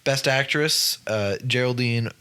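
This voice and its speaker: A man co-hosting a laid-back podcast, reading out his award picks. His pitch sits at an ordinary middle. He trips over names and apologizes sheepishly. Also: measured pace, bright, forceful tone, clean tone. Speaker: podcast co-host. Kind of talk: casual chat.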